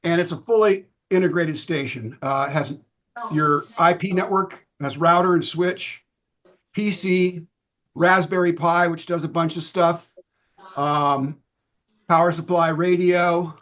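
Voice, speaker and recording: A middle-aged man losing his voice, giving a relaxed presentation with many ums and restarts over a video call. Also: on the high side, a little slow. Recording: dull lo-fi video-call audio.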